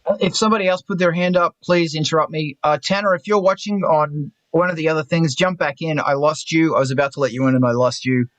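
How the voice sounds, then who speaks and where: A man's voice: fairly high pitch, fairly even intonation, fast talker, few pauses, no room sound, rough recording. A man hosting a casual group video chat, talking bluntly and profanely, rambling with self-mocking asides. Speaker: host of artists' talk stream.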